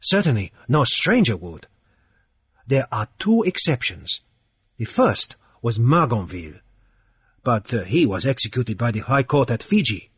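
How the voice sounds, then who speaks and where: A man reading the part of a calm man at a card table, reasoning out loud in a measured, deliberate way. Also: medium pitch, breathy edge, no room sound, studio quality, voice pushed down, full character voice.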